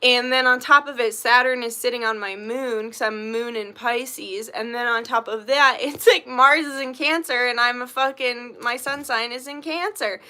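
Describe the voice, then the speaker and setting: Young woman vlogging, bright fairly high voice, rambly and cussing a lot, lots of "like". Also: steady tone, moderate pace, few pauses. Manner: rambling, profane, filler-heavy talk. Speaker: vlogger and small business owner. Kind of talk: candid casual vlog monologue.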